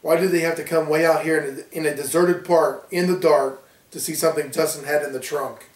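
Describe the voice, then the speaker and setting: A man reading his own horror story aloud with a steady storytelling delivery. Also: fairly high pitch, fairly quick. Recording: roomy, distant from mic.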